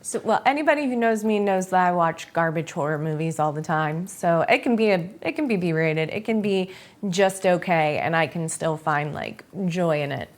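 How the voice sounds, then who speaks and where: A woman's voice: on the low side, lively intonation, moderate pace. A woman speaking in a casual panel chat, hesitant and thoughtful, with many fillers.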